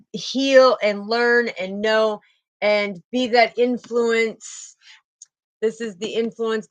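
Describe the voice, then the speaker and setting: A woman's voice: medium pitch, fairly bright tone, low-quality recording. A woman doing a spiritual card reading, talking in a fervent, emotional way and often repeating herself.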